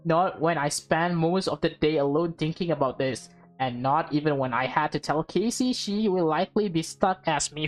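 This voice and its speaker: A young woman streaming a visual novel, reading it aloud and reacting emotionally with laughs. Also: deep voice. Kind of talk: casual let's-play reading and reactions.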